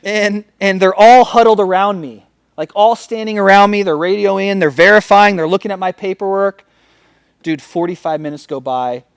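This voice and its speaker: Northern California man, founder-guest type, a swearing, emphatic raconteur with a slightly raised pitch and a dry, close mic. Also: normal speed, vocal fry, clean tone, no echo. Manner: profane, emphatic storyteller. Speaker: podcast guest, company founder. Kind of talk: casual interview storytelling.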